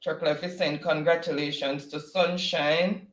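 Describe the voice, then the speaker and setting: A man's voice, pitched a little high, chatting and laughing while he reads out viewer comments on a trivia stream. The sound carries a roomy echo from a home desk mic. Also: unhurried. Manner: laughs often, animated and teasing. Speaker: co-host of an online trivia stream. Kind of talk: casual live-stream chat, reading viewer comments.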